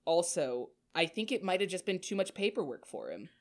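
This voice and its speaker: A young woman with a somewhat low voice chats casually as a podcast co-host. She tells stories with a loose, rambling rhythm and stumbles over her words when she reaches the nervous parts. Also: very animated, fairly quick, a little hiss or hum. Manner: storytelling, stammers when retelling nervous moments. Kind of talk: casual chat.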